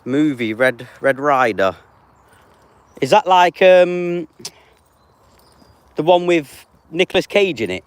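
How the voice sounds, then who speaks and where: A man's voice: on the high side, animated, slow pace, long pauses, smooth, dry recording. Male streamer, 30s, casual and chatty, answers chat directly. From England. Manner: reads out viewer names and answers them offhand. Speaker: live streamer.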